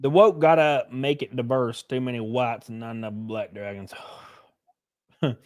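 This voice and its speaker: A man's voice: medium pitch, steady tone, unhurried, a little mellow, no room sound, studio quality. A young man chatting casually on a live stream, reading chat aloud with loose, jokey slang.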